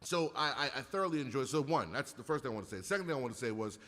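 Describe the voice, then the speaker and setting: A bright, lively man rattles off profane comic stories, jumping between his own voice and the people he quotes. He sounds short on sleep. His voice carries a long hall reverb. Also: medium pitch, very fast. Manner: animated, profane, acts out quotes. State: sleep-deprived. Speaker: comedian guest. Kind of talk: casual comedic storytelling.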